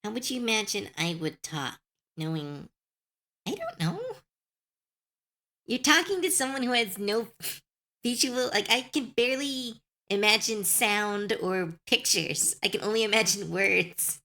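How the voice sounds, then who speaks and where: A woman's voice: mid-range voice, lively intonation, a little slow, pushed and bright. A young adult woman streamer chatting casually on a live stream, chatty and self-deprecating, laughing often.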